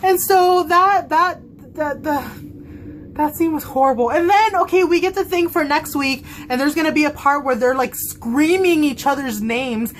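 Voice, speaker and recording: A young woman chats at home about a show she loves, in a voice pitched a little higher than most. She is excitable and gushing, with big emotional swings, jumping between fast recaps and near-shrieks of feeling. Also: a little hiss or hum. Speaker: TV show reviewer. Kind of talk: casual fan review chat.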